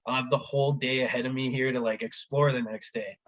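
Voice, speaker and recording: A man telling a travel story in a casual chat, animated and acting out the voices of the people in it, with a lot of "like". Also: medium pitch, quick pace, muffled recording. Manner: animated, acts out quoted voices, says "like" often. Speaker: podcast guest.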